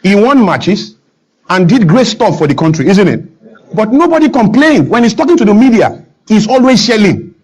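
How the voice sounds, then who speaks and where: High-voiced man, impassioned talk show guest. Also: big pitch swings, moderate pace, slightly rough, low-quality recording. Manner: builds to emphatic near-shouting, acts out broken English. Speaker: studio guest. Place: talk show studio with live audience.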